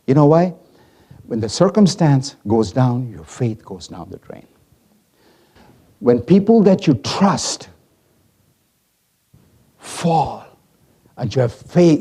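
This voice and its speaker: A male pastor preaching a sermon, swinging from hushed asides to loud acted-out lines. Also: mid-range voice, slightly rough. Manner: animated, swings from hushed to loud, acts out voices.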